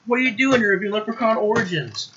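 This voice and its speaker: A man's voice: lively intonation, fast, bright, forceful tone, lo-fi sound, slight background noise. A man voicing his alarm clock as a talking thing that begs him to stop, in a whiny, pleading tone. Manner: whiny, pleading, high-pitched.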